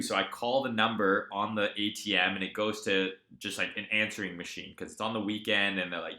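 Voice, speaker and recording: A man's voice: on the low side, fairly quick, hardly any pauses, echoey room. A man hosting a live crypto trading stream, chatting casually and telling stories with a lot of swearing. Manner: profane, animated storyteller.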